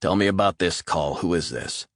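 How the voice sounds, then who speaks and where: A man's voice: sits low, moderate pace, dry recording, studio quality, natural voice. A man voicing a hard male operative who speaks in curt, threatening commands. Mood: menacing.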